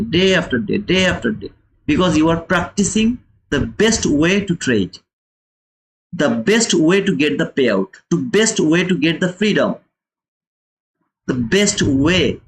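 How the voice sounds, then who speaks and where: A man's voice: on the high side, big pitch swings, measured pace, pauses often, slight background noise. A man hosting a live trading lesson, lecturing viewers emphatically and repeating phrases for stress. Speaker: trading educator and channel host.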